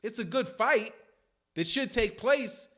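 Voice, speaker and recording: A man hosting a boxing channel live stream, reading viewer comments and answering them in casual, animated talk. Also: very high voice, slow. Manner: animated, addresses viewers, reads comments aloud.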